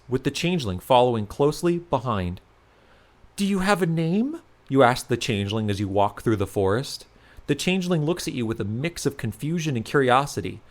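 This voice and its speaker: A man narrates a second-person fantasy adventure as a storybook reading. His voice sits in the middle range but moves a lot in pitch, giving the reading an expressive lift.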